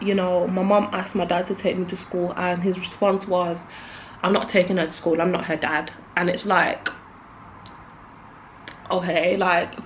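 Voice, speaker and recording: A woman's voice: on the low side, a little hiss or hum, rough recording. A young woman, chatting casually and nervously to camera while doing her makeup, jittery and close to tears, full of likes and restarts. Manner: nervous, jittery, emotional, trailing off with many likes. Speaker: beauty vlogger.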